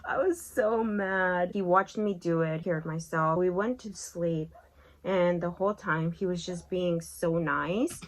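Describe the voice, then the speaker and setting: A young woman vlogger telling a lively story while doing her makeup. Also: rough recording. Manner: lively storyteller, acts out quotes in a high voice. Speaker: beauty vlogger.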